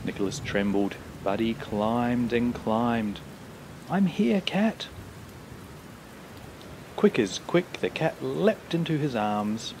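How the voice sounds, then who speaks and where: A man reading a children's picture book aloud, with slow, expressive storytelling. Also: mid-range voice, background noise.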